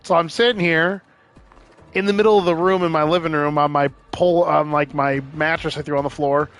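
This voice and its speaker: A man's voice: fairly high pitch, fairly bright tone. A man streaming a game, telling rambling, profane stories with frequent laughs. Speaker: gaming streamer. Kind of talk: casual storytelling while gaming.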